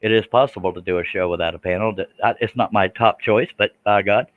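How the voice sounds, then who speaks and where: A man's voice: fairly low pitch, fast talker, dry recording, phone-quality sound. A man, chatting casually with viewers while he works a scroll saw on a livestream. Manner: folksy, chatty, reads out viewer comments.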